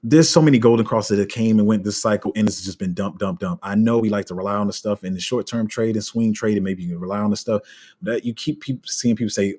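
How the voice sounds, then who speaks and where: Crypto streamer, male, deep husky voice, blunt and fed up, lots of restarts. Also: quick pace, a little mellow. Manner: frank and exasperated, heavy slang, many restarts. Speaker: crypto YouTuber reading live comments. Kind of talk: casual livestream rant.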